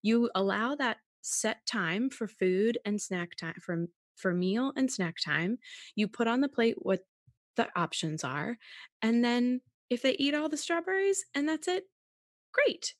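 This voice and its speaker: A woman's voice: on the high side, lively intonation, a little slow, no room sound, studio quality. Chatty woman podcast host. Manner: affirming, chatty, asks questions. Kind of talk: casual podcast interview.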